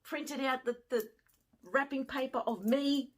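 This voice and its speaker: Breathy woman telling a heartfelt story. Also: high voice, a little slow. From Australia. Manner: animated, swings from hushed to excited. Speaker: fashion vlogger and former teacher. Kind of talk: emotional storytelling to camera.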